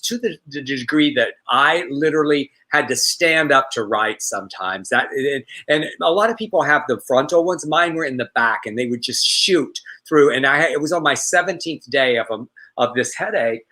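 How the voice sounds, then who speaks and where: A man's voice: medium pitch, lively intonation, moderate pace, hardly any pauses, pushed and bright, rough recording. A middle-aged man co-hosting a casual live talk show, telling a story in a rambling way with restarts. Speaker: co-host.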